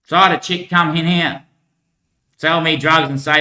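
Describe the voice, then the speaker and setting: A man's voice: on the high side, fairly even intonation, normal speed, sharp tone. A man talking in a long rambling monologue, laughing between thoughts. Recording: echoey room.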